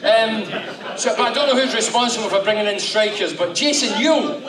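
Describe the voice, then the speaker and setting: High-voiced man telling stories. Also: brisk. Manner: animated, swearing storyteller. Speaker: guest speaker. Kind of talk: after-dinner anecdotes. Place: function room with audience. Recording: echoey hall, far mic, crowd.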